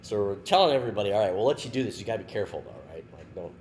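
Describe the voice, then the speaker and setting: A man with a low but lively voice tells a story in casual chat, breaking into laughter and checking in with his listeners as he goes. Faint room noise sits behind him. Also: rapid-fire. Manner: laughs through his story, often tags "right?". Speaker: podcast guest.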